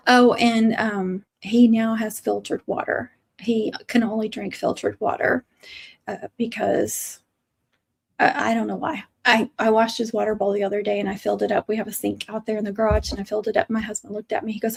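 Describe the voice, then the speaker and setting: Chatty middle-aged woman, gravelly. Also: fairly high pitch, steady tone, moderate pace. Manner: chatty storytelling with laughs and asides. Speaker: craft channel host. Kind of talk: casual livestream chat.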